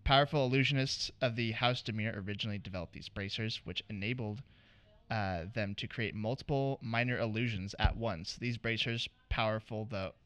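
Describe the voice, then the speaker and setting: A man hosting a casual game-trivia podcast segment, relaxed and a little hesitant, reading out item descriptions. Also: fairly low pitch, a little fast, clean tone, dry recording. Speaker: quiz host.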